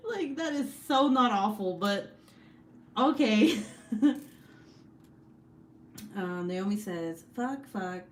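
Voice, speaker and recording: A woman's voice: on the high side, big pitch swings, drawn-out words, long pauses, a little hiss or hum. A young woman hosting a casual livestream, chatting and laughing often as she reads the chat aloud, swearing freely. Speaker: livestream host.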